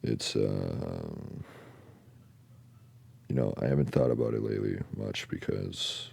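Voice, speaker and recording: A man hosting a podcast speaks in an extremely low pitch that is creaky and husky. Telling a personal story, he halts often with pauses and fillers, swears casually, and his sentences quietly trail away.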